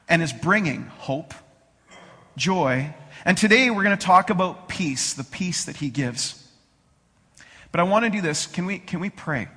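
Man, pastor, fairly high voice, bright, slow scripture reading, casual asides, echoing church. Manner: reads scripture slowly, then talks casually with restarts. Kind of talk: sermon. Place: church sanctuary.

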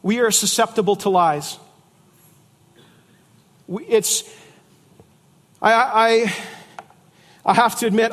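Middle-aged guy preaching, high voice, chatty with jokes, big reverby hall. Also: slow, long pauses, a bit bright. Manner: conversational preaching with jokes and asides. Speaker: pastor. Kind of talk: sermon.

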